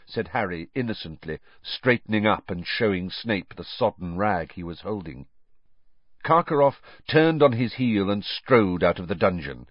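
A man reading a story aloud in scripted narration, expressive and voicing the characters, on a dull, dry recording. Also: low voice, measured pace, no room sound. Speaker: audiobook narrator.

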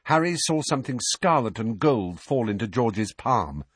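A man narrating an audiobook in an expressive storytelling manner. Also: mid-range voice, normal speed, slightly rough, dry recording. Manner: expressive storytelling with many character voices. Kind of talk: scripted narration.

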